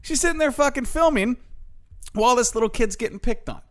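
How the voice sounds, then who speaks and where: A man's voice: very high-pitched, a little fast. A man co-hosting a podcast, telling stories in casual chat and swearing a lot. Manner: animated storytelling, heavy swearing. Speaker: podcast co-host.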